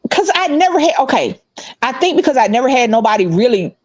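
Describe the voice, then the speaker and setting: A middle-aged woman telling a story in casual chat, animated and laughing, acting out the other people's voices. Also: high voice, fast talker, no room sound. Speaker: podcast co-host.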